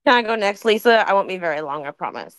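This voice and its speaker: A woman's voice: mid-range voice, animated, quick pace, fairly bright tone, dry recording, rough recording. A woman calling into an online voice chat who talks in a hurry and keeps repeating reassurances. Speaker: caller. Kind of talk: casual voice chat.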